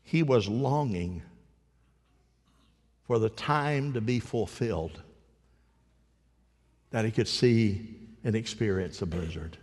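A man preaching a sermon as pastor, telling a story with halting restarts and acting out a child's voice. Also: fairly low pitch, a little mellow, in a large hall. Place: church.

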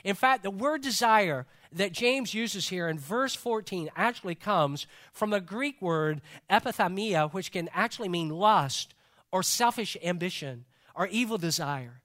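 A man's voice: sits high, lively intonation, unhurried, fairly bright tone. A male pastor preaching a sermon in a church service, talking conversationally and joking with the congregation.

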